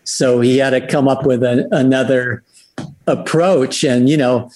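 A man's voice: medium pitch, fairly even intonation, unhurried, a little mellow, a little hiss or hum, poor audio. A man, a band member, telling a rambling story in a casual interview.

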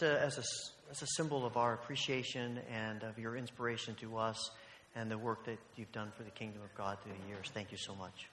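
A man with a bright, forward voice gives relaxed, matter-of-fact announcements with frequent little hesitations. The sanctuary around him is roomy, with a long reverb trailing his words. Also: medium pitch, slight background noise. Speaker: church leader giving announcements. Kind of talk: church announcements. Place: church sanctuary.

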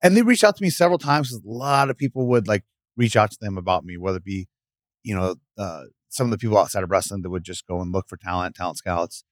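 Middle-aged male guest, low voice, animated storyteller, dry studio sound. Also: fast, dry recording. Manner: animated, acts out voices in stories. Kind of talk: casual interview storytelling. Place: podcast studio.

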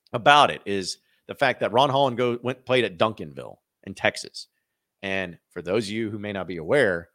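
A man's voice: on the low side, a bit bright, no room sound, studio quality. A man hosting a college sports podcast, talking casually and animatedly with frequent restarts and asides. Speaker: podcast host.

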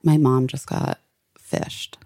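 A woman co-hosting a podcast from a friend's house, chatting casually, swearing freely and jumping into a much higher pitch when she gets animated. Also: slow pace. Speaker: podcast co-host. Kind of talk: casual chat.

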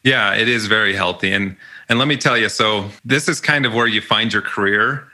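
A man's voice: lowish voice, normal speed, pushed and bright. A young man telling stories about his college jobs in a casual, chatty way, often laughing. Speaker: podcast guest. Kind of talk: casual storytelling interview.

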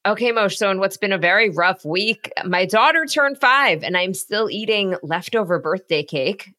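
A woman in her thirties co-hosting a conversational news podcast, playful and quick to laugh, sounding tired and close to getting sick. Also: medium pitch, animated, pushed and bright. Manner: playful and laughing, light delivery.

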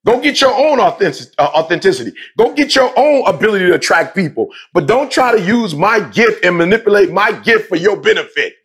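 A man talks with passion, repeating key points and dropping slang in casual conversation. His voice sits high and carries a gravelly fry. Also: a little fast, hardly any pauses. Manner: emphatic, repetitive, slangy, animated.

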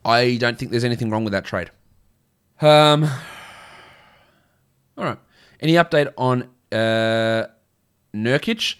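An Australian man in a middle-pitched voice hosts a casual livestream. He talks in a chatty, blunt way, answering viewer questions with frequent restarts and filler words. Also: slow, pauses often, smooth. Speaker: fantasy basketball livestream host.

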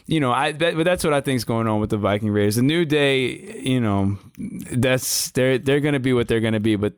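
A man's voice: medium pitch, normal speed, clean tone, no room sound, studio quality. Rambling man talking wrestling. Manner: rambling, animated, stumbles and restarts. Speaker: wrestling podcast co-host. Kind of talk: casual chat.

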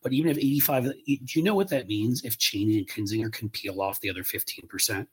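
A man's voice: on the low side, fast, slightly rough. A middle-aged man co-hosting a podcast, talking political strategy in a blunt, emphatic, casual way. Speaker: podcast co-host.

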